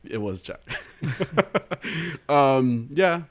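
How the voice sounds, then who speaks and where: A man's voice: fairly high pitch, expressive, drawn-out words. A man co-hosting a podcast in casual chat, who laughs often and talks hesitantly with many fillers and restarts. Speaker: podcast co-host.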